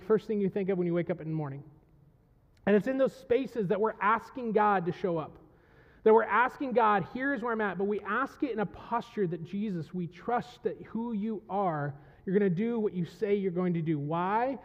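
High-voiced man preaching a passionate sermon. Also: big-room sound, dull audio. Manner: impassioned, rising to loud pleading when voicing the psalm. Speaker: pastor. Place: church sanctuary.

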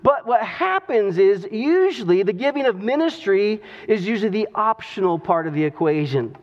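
A male pastor preaching a sermon with earnest storytelling and drawn-out emphasis on key words. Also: high-pitched, lively intonation. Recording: dull recording with long hall reverb.

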